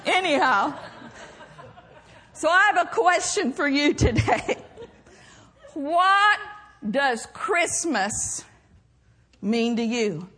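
A woman's voice: sits high, very animated, drawn-out words, long pauses, bright, forceful tone. An older woman preaching a sermon, telling family anecdotes in an earnest way, often laughing.

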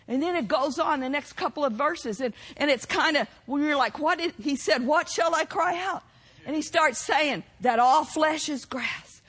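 A woman preaching a fervent sermon, shouting proclamations and exclaiming hallelujah. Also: high voice, lively intonation, unhurried, long reverb tail.

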